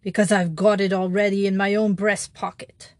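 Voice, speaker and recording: A woman voicing a tall male thief disguised as a priest, who speaks low and grave and turns mocking. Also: slow pace, dark tone, no room sound.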